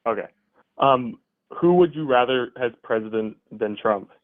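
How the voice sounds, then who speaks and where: A man debating politics over a call, hesitant and halting, full of fillers. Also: medium pitch, dry recording. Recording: tinny phone-like line.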